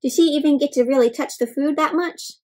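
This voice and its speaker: A young adult woman doing an interactive read-aloud for kids, animated, gasping and asking the children questions. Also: high-pitched, brisk. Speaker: children's storyteller.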